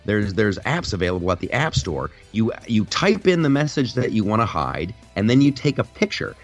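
A man hosts a casual podcast in a somewhat low voice, rambling animatedly through a story with frequent restarts. Faint music sits quietly underneath him. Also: sing-song, normal speed. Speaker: podcast host.

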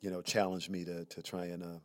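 A man's voice: low-pitched, fairly quick, no room sound. A man from Alabama, a podcast guest telling personal stories and acting out the people in them. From Alabama, USA. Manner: animated storyteller who slips into acted voices. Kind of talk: storytelling interview conversation.

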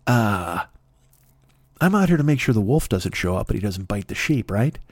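A smug young shepherd boy drones along, lazy and sneering, tired of minding the flock and eager to mock anyone he can fool, as a man puts him on in a comic podcast story. The voice stays low and dry. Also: big pitch swings, normal speed, dry recording. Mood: bored scheming. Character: bored, smug young male shepherd prankster.

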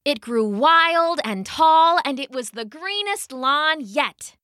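A woman reads a children's story aloud in a high, bright voice that rises and falls expressively. She takes her time over each sentence, and the sound is dry and close. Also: noisy background. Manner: expressive, unhurried reading.

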